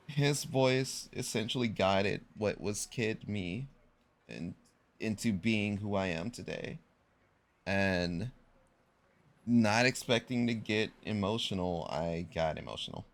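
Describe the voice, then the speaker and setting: A man's voice: on the low side, slow pace, long pauses. A young man chatting casually on a live stream, rambling and correcting himself as he tells a story in slangy talk.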